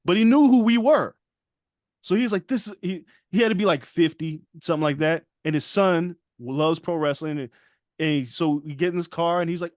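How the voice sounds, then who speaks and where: Podcast guy telling a story, kinda high voice, dry close mic, acts out all the quotes. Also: brisk, no room sound. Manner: animated storyteller, acts out quotes, laughs often. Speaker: podcast co-host. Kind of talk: casual storytelling chat.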